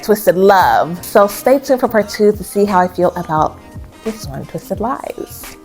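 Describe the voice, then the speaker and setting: A young woman chatting casually about books she read, bubbly and quick to giggle. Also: mid-range voice. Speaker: book reviewer. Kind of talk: casual chat. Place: home room with a bookshelf.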